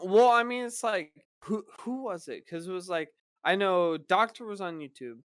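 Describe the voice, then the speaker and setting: A man's voice: sits high, normal speed, fairly bright tone, smooth, no room sound, clean studio sound. A man chatting casually on a podcast, rambling and swearing as he retells work stories. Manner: rambling, sweary, acts out coworkers. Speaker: podcast co-host. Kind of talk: casual chat.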